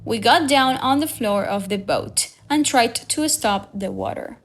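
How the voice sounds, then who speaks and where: Slow, clear woman reading aloud. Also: fairly high pitch. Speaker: reader. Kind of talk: slow audiobook reading for young learners.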